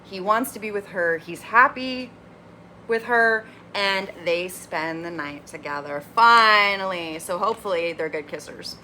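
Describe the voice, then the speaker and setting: A woman hosting a casual TV recap vlog, animated and opinionated, with lively, candid commentary. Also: medium pitch, a little slow, a little hiss or hum. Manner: animated, opinionated, acts out quotes. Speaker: recap reviewer, channel host.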